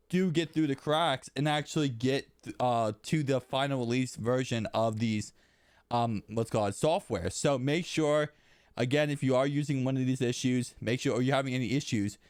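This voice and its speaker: A male tech vlogger talks casually about a phone update while he is sick. His voice stays smooth and full, recorded close on a dry, roomless mic. He rambles and circles back to repeat his points. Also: mid-range voice, no echo. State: sick, voice shot. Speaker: tech channel host.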